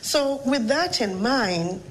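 This guest is a Ghanaian professor whose fairly high voice has lively intonation as she recounts stories and reflects, measured and thoughtful, in an interview conversation. There's slight background noise, and the audio quality is low.

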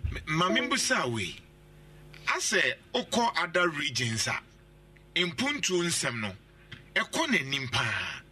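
A man's voice: fairly high pitch, wildly swooping pitch, slow pace, long pauses, sharp tone. A man hosting a radio talk show, pressing his guest with questions and repeating them.

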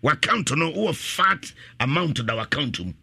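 A man preaching with a bright, forceful and slightly husky voice. His pitch leaps widely as he echoes scripture and pushes his appeals to a shout. The sound is dry and close. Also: lively intonation, unhurried. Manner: repeats each scripture line after the reader, rising to shouted appeals. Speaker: radio preacher. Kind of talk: call-and-response Bible preaching.

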